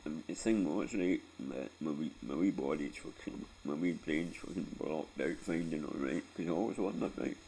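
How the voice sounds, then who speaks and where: A man's voice: extremely low pitch, normal speed, few pauses, dark tone, a little hiss or hum. A Scottish man in his forties telling a painful personal story in a rambling, sweary way, close to tears and often tagging on "right?". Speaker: vlogger.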